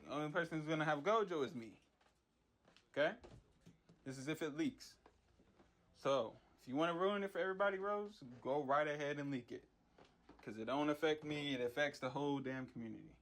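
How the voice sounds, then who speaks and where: A young man who makes MUGEN characters rants in a casual vlog, his slightly high, somewhat bright voice moving fairly quickly yet broken by long pauses. His frustration comes out as rambling, slang-filled talk with repeated words.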